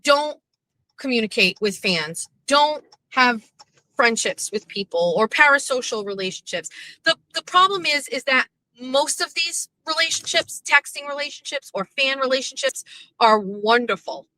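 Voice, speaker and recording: A woman's voice: high-pitched, animated, normal speed, sharp tone, no echo, poor audio. A middle-aged woman hosting her own show, venting bluntly and profanely in a rambling monologue from her parked car. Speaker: host.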